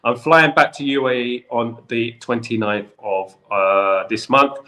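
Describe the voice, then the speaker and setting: A man's voice: mid-range voice, steady tone, unhurried, pushed and bright. A man with a London accent hosting a football channel, chatting with viewers on a live stream in a repetitive, conversational way. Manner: repetitive, chatty, keeps saying "in regards to".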